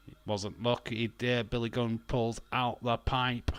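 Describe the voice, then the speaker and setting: A British man from the UK streams a casual live wrestling watch-along, joking, swearing heavily and laughing often. His voice is mid-range, level, fairly bright and clean, and he talks a little slowly.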